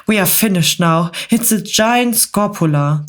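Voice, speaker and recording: A woman softly voicing a flustered male fire chief in a whispered role-play bedtime story. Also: medium pitch, natural voice. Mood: alarmed. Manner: soft, slow, gentle.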